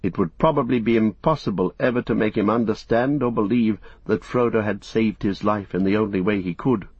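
A man steadily narrating an audiobook in a measured storytelling manner. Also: on the low side, breathy edge, dry recording. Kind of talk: scripted narration. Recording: dull, muffled recording.

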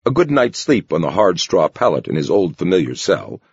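Gravelly, husky male audiobook narrator. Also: low voice, very animated, moderate pace, dry recording, muffled recording. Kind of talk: scripted narration.

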